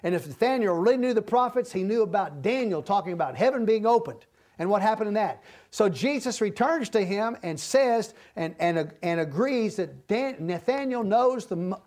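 Male Bible teacher, high-pitched, explains scripture verse by verse. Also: expressive, moderate pace. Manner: explains verses, acts out the speakers' lines, then closes in a quiet prayer.

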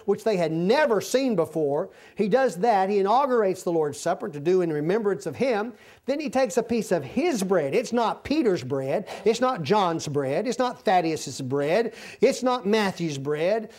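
A man teaching the Bible informally, folksy and given to halting restarts and repetition. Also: sits high, darkish tone. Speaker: preacher.

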